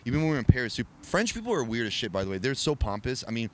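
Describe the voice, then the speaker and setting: A man telling wild stories as a podcast guest in casual chat, animated and profane, often laughing as he talks. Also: medium pitch, very fast, background noise.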